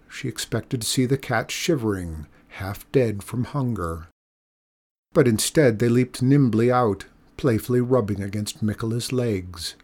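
A man narrates a children's storybook at a measured, expressive pace. His voice sits in an ordinary middle range, steady and clear as he moves from scene to scene. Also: mid-range voice. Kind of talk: storybook read-aloud.

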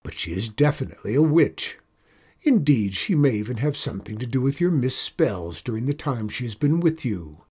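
A man reading a storybook and voicing a stern, snappish old female witch in a lowered, firm voice. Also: very animated, normal speed, a little mellow, slightly rough.

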